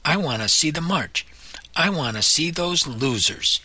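A man voicing a bratty young boy who whines and shouts at his sister. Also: fairly high pitch, expressive, unhurried, husky, voice pushed up, exaggerated voice. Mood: whiny. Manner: whiny, shouting.

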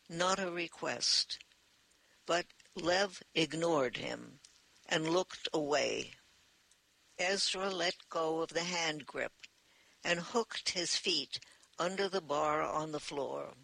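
A man narrating an audiobook in a measured storytelling manner. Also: on the high side, gravelly, sharp tone, low-quality recording.

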